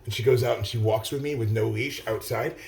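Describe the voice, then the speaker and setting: Gravelly-voiced rambling middle-aged man. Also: lowish voice, steady tone, a little fast, darkish tone, slight background noise. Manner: rambling, heavy swearing, many fillers and restarts. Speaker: vlogger. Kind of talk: casual rambling monologue. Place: outdoors, standing still.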